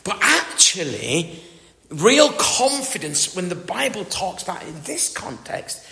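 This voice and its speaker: A middle-aged man from northern England preaches at a measured pace in a high, sharp voice with huge pitch swings and some vocal fry. His northern English accent shapes a chatty, self-deprecating sermon, and he often asks the congregation questions. Long reverb fills the echoey hall.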